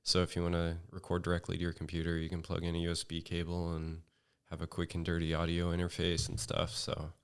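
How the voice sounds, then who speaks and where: A man speaking as a podcast guest in a monotone, casual chat full of fillers and restarts. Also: low voice, quick pace, vocal fry, smooth. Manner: rambling, with many fillers and restarts.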